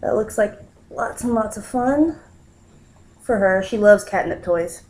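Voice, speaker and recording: A woman's voice: unhurried, a little mellow, rough recording. A young woman chatting casually as she unboxes a package at home, recorded on a built-in laptop mic, cooing at her cat now and then. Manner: chatty, coos at her cat in a high baby voice. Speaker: vlogger. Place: home room.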